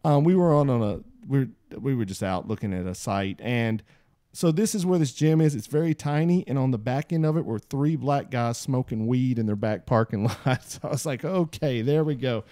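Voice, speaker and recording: Animated male podcast host, mellow dry voice. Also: moderate pace, no echo. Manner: animated, jumps high in pitch for emphasis; reads out listener posts. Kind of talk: casual podcast chat.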